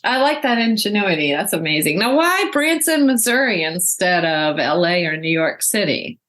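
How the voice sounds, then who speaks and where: A woman's voice: on the low side, big pitch swings, moderate pace, fairly bright tone. A woman hosting a casual interview podcast, laughing easily and reacting to her guest's stories. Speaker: podcast host.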